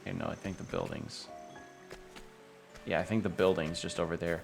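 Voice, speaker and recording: A man's voice: sits low, expressive, moderate pace, vocal fry. A young man streaming a video game, musing aloud in casual commentary and sometimes reading game text in a dramatic voice. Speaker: gaming streamer. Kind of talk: casual let's-play commentary. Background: game music.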